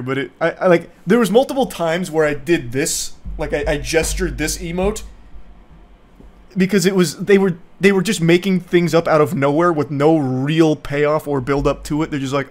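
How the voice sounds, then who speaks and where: A young man with a slightly higher voice, chatting loosely to his stream audience. His tone is sarcastic and profane, with a rambling, off-the-cuff delivery full of asides. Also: normal speed. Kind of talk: casual movie recap to viewers.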